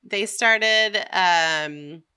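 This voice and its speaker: Slow, laid-back woman co-host. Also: medium pitch, bright, forceful tone, clean tone. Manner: profane, joking, laid-back delivery. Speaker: podcast co-host. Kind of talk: casual chat, storytelling.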